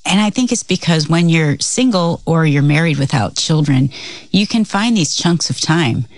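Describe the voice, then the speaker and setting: A woman's voice: sits low, lively intonation, normal speed, dry recording. A middle-aged woman co-hosting a faith talk show, chatty and laughing often as she shares her own story. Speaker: co-host.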